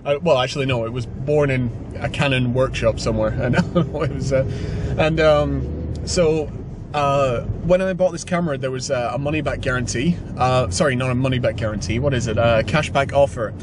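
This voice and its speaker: A man's voice: medium pitch, normal speed. A man chatting casually for his vlog while driving, rambling with lots of fillers and self-corrections. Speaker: vlogger. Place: inside a car in town traffic. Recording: car and traffic noise behind.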